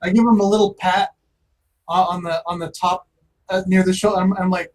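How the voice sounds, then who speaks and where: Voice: mid-range voice, steady tone, a little fast, a little mellow, slight background noise, poor audio. A player casually describing their character's actions in a tabletop game, often restarting sentences.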